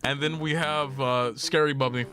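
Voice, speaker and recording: A man's voice: medium pitch, fairly even intonation, moderate pace. A man streaming a video game, chatting casually, laughing often and swearing freely. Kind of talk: casual gaming stream chat. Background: game music.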